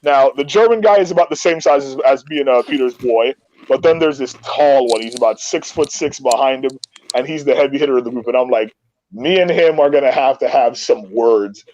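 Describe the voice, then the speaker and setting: A man telling a story in casual talk, animated and profane, often repeating his words. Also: medium pitch, a little fast, highs cut off.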